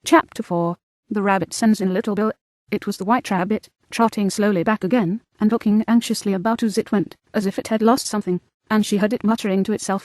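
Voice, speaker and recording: Brief: female audiobook narrator, measured and clear, dry booth. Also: mid-range voice, steady tone, darkish tone, no room sound. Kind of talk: scripted narration.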